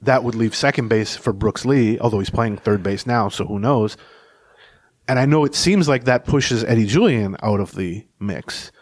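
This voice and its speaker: A man's voice: on the low side, normal speed, no room sound, studio quality. A man co-hosting a casual sports podcast, telling long anecdotes in a rambling, storytelling way. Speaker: podcast co-host and beat reporter.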